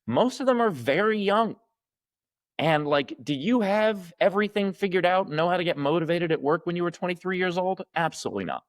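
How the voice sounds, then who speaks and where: A man's voice: high-pitched, expressive, fairly quick, dry recording, studio quality. A man around forty co-hosting a podcast, talking emphatically and acting out mocking cheers. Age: late 30s to early 40s. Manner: emphatic, voices mock cheers loudly. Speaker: podcast co-host. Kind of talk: casual opinion chat.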